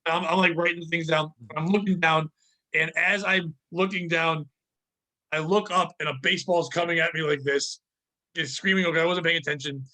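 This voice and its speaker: High, bright-voiced profane podcast host. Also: male voice, moderate pace. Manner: profane, animated, ranting. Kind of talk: casual comedic podcast chat, ad read.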